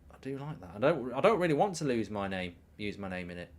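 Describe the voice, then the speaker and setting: Guy hosting a footy watchalong stream, rambly, jokey about himself, mid pitch, goes quiet and mumbly a lot. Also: sing-song, fast, a little hiss or hum. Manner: rambling, self-mocking, riffs on ideas and reads out viewer messages. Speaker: host of a live football watchalong stream. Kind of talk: casual live commentary and chat reading.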